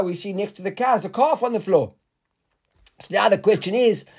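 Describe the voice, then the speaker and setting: High-voiced man teaching a casual Talmud class. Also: darkish tone. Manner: conversational, repeats words and restarts, asks the class questions.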